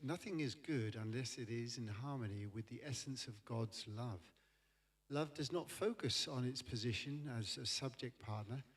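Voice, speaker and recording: A man's voice: mid-range voice, normal speed, husky. A man volunteering to read a passage aloud at a church service. He reads steadily and carefully, with small stumbles. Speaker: volunteer reader. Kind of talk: reading a text aloud.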